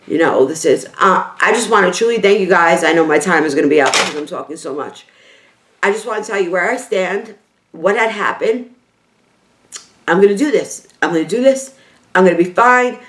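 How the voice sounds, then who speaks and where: Middle-aged woman with a New York accent, lowish voice, emotional vlogger who circles back and repeats herself; roomy, echoey sound. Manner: heartfelt, rambling, repeats herself for emphasis. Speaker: beauty vlogger. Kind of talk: emotional casual talk to camera. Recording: echoey room.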